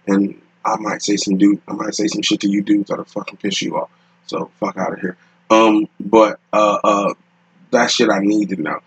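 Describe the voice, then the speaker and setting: A man with a low, husky voice hosts his own podcast, spinning a long rambling story full of swearing and laughter. He talks loose and casual, as if to friends, from a room at home. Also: little pitch movement, moderate pace, muffled recording. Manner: rambling, profane, laughing often. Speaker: podcast host.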